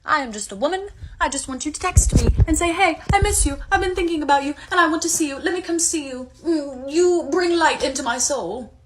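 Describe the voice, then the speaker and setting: A woman's voice: high-pitched, animated, a little fast, a little hiss or hum, poor audio. A woman in a comedic monologue, talking in a dreamy, pleading, wistful way.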